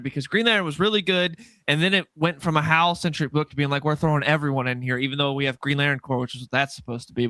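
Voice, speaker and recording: A man co-hosting a podcast, chatting quickly with mild exasperation. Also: on the high side, sharp tone, smooth, no echo. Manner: fast, chatty, slightly exasperated. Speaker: podcast co-host. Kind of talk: casual podcast chat.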